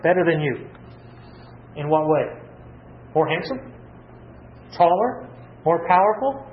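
High-voiced preacher man, lo-fi recording. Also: animated, slow pace, a little hiss or hum. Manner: asks the congregation questions and answers them. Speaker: pastor. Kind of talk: sermon.

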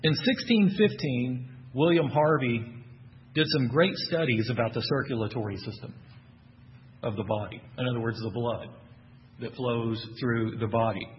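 A man's voice: mid-range voice, normal speed, lo-fi sound. A man with a Texan accent preaching a sermon, who keeps asking the congregation questions and answers them with emphatic bursts. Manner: asks the audience questions, animated and emphatic.

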